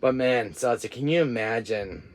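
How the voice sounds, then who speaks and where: A man's voice: medium pitch, moderate pace. Man, gaming vlogger, rambles and giggles through a casual monologue. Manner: giggly, rambling, laughs often. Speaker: gaming channel host.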